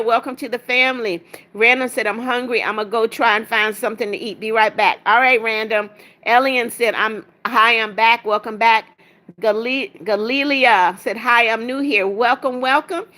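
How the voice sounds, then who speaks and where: A woman with a bright, forceful voice pitched a little high hosts a live stream. She reads chat comments aloud, greets viewers with quick repeated hellos and sometimes trips over their names. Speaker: livestream host.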